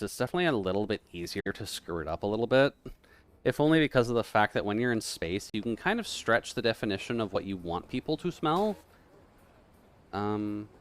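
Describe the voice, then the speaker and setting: A man chatting casually on a live game stream, rambling and joking with viewers. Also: on the low side. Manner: rambling, joking, laughs often. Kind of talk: casual live-stream chat while gaming.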